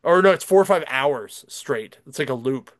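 A man's voice: medium pitch, lively intonation, normal speed, dry recording, studio quality. A man chatting casually and telling stories as a podcast host, rambling with lots of fillers and frequent laughter. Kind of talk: casual chat, storytelling.

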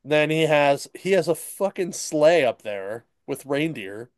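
A man casually retelling a comic book story on a podcast, rambling and slipping into quick character asides. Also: a little high, lively intonation, no room sound, clean studio sound. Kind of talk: casual chat.

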